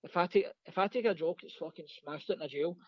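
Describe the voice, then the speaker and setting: Scottish man, comedian, quick profane storytelling, slightly dull dry recording. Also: on the high side, no room sound. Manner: rapid, profane, laughing anecdotes. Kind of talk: casual storytelling.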